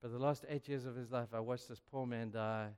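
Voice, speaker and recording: A man's voice: mid-range voice, a little fast, smooth. An older man preaching a sermon, telling stories and acting out the dialogue with growing energy. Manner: animated, acts out dialogue in a rising voice. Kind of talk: sermon storytelling. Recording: long hall reverb.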